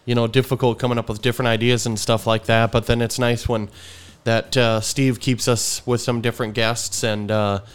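A man's voice: medium pitch, little pitch movement, normal speed, smooth. A man hosting a podcast, chatting casually and easygoing with a guest. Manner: easygoing, lots of fillers and laughs. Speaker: podcast host. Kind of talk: casual interview chat.

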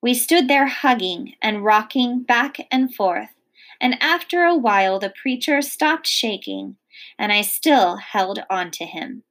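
A woman teacher reading a children's novel aloud in a measured, expressive storytelling manner. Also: fairly high pitch.

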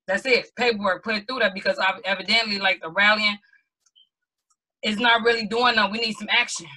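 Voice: mid-range voice, fairly even intonation, brisk, pushed and bright, rough recording. A speaker in a casual group discussion, talking emphatically and bluntly and stressing points with a firm "period". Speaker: panel participant.

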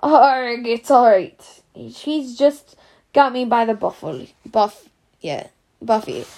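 A sentimental, blustering giant from a storybook, read by a woman. He booms a little louder and higher than the narration. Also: animated, slow pace, vocal fry, exaggerated voice. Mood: reassuring. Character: huge gentle half-giant man, tearful.

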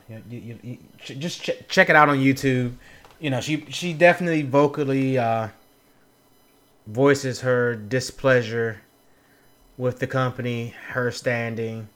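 A man's voice: mid-range voice, a bit bright. A man hosting a casual podcast, teasing his co-host and rambling in loose, easygoing sentences. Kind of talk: casual wrestling talk.

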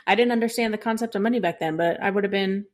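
A woman co-hosting a podcast in casual chat, relaxed and agreeable with some self-deprecating humor. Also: mid-range voice, racing. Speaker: podcast co-host. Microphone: podcast mic.

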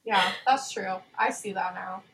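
A woman's voice: medium pitch, a little slow, low-quality recording. A young woman co-hosting a podcast, chatting casually and agreeing often with short replies. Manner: relaxed, agreeable, short affirmations. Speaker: podcast co-host. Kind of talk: casual chat.

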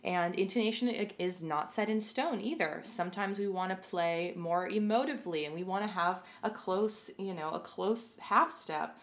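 Lowish voiced woman explaining violin practice, casual lesson, lots of um and you know. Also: moderate pace, hardly any pauses, background noise. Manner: conversational, many fillers and restarts. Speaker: violin teacher. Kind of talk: casual spoken music lesson.

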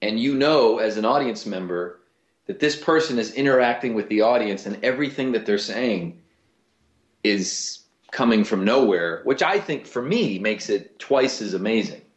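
Comedian guy chatting in an interview, lowish voice, kinda roomy and muffled. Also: normal speed. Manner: animated storyteller, lots of restarts. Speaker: voice actor and comedian, guest. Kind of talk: casual interview chat.

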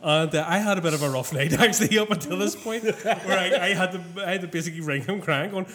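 A young Northern Irish man spins a rowdy anecdote, swearing freely and breaking into laughter. His voice sits a little high and sounds bright and forceful. It is easygoing, casual chat. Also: quick pace. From Northern Ireland. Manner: laughing, sweary, animated storyteller. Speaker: touring musician guest.

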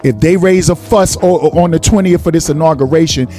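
A man's voice: fairly high pitch, brisk, warm tone, faint music behind. A male radio host talking casually, blunt and profane as he rants to his listeners.

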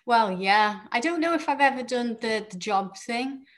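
A woman's voice: fairly high pitch, animated, moderate pace. A woman in her forties chatting candidly and easily in a casual conversation. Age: 40s. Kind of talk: casual chat.

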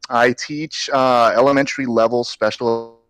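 A man with a deep, gravelly voice, chatting casually and easily as a guest on a live stream. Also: fairly even intonation, moderate pace, fairly bright tone, dry recording.

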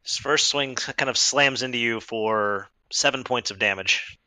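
A man acting as game master, narrating an online tabletop game in a lively way with quick restarts. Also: mid-range voice, no room sound, low-quality recording.

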